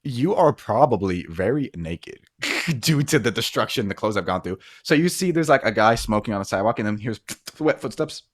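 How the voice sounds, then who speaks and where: A man's voice: lowish voice, lively intonation, moderate pace. A man narrating as game master of a tabletop role-playing game, rambling with many fillers and frequent laughs.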